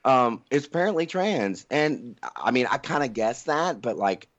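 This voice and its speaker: A man co-hosting a podcast rattles off crude jokes and rambling stories full of swearing. His voice sits at an ordinary middle pitch. The recording is a little dull and lo-fi. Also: animated, normal speed. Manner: profane, joking, rambling storyteller. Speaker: podcast co-host. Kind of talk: crude casual banter.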